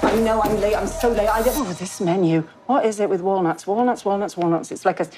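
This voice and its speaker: A haughty, frazzled woman, played by an actress, rushes in late and complains about everything in front of her. She talks down to those around her. Loud film music plays behind her. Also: medium pitch, lightly acted. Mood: exasperated. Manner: haughty and exasperated. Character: flustered, imperious woman late for lunch.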